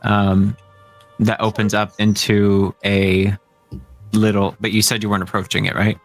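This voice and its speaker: A man's voice: fairly low pitch, monotone, unhurried, soft background music. A man narrating a tabletop game as game master, describing scenes hesitantly with fillers.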